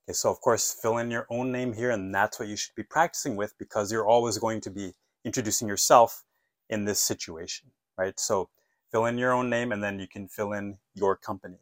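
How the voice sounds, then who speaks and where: A man teaching an English lesson, modeling phone phrases clearly and patiently asking listeners to repeat after him. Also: lowish voice, fairly even intonation, brisk, no echo.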